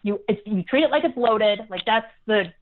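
A woman from Montana with a light Montana accent, chatting easily as an interview guest. She comes through a thin, phone-like line, her voice pitched in the middle for a woman. She talks loosely, with fillers and easy laughs. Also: lively intonation, normal speed. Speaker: state representative guest. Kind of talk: casual interview chat.

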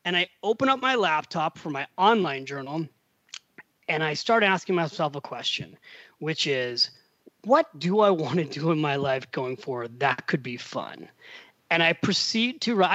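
A middle-aged American man as a podcast guest, telling a story with animated voiced-out quotes and frequent laughs. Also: on the high side, dry recording, highs cut off. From USA. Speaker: podcast guest, finance author. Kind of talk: casual storytelling interview.

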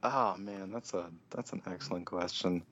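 A man's voice: low voice, normal speed, a bit bright, no echo, lo-fi sound. A man talking as a guest in a casual chat, rambling with lots of fillers.

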